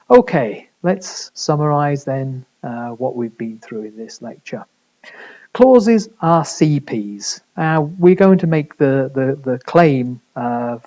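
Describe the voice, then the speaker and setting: A man's voice: mid-range voice, warm tone, muffled recording. A man giving a recorded university lecture, explaining step by step with frequent fillers and restarts. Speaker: linguistics lecturer.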